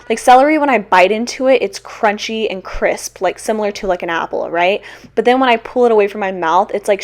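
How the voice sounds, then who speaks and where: Chatty young woman, self-mocking. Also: mid-range voice. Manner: chatty, self-deprecating, laughing often. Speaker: teacher and small-shop vlogger. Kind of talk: casual Q&A chat. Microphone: own mic.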